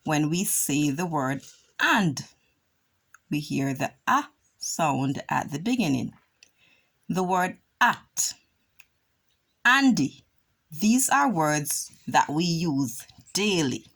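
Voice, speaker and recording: A woman teaching a children's phonics lesson, drawing out vowel sounds slowly and deliberately. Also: low voice, big pitch swings. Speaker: reading teacher.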